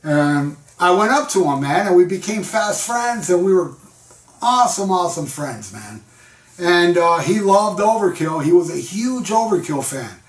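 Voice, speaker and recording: A man's voice: high voice, expressive, a little slow, reverberant, distant mic. A man giving a casual, rambling album review in a laid-back storytelling manner, full of slang. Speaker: music vlogger.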